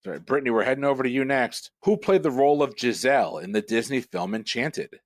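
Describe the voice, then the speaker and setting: A man hosting a pub trivia quiz, reading questions in a brisk, matter-of-fact way and bantering with the players. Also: mid-range voice, expressive, no echo.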